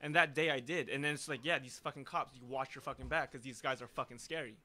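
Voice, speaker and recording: Bright-voiced man rambling casually. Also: medium pitch, fast. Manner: rambling, full of filler words. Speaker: podcast co-host. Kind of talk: casual chat.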